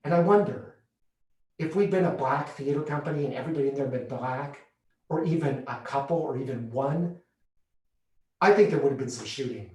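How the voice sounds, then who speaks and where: Man, solo stage monologue, animated, echoey theatre, distant mic. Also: medium pitch, brisk. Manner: animated, exclamatory storytelling. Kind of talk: comic autobiographical monologue.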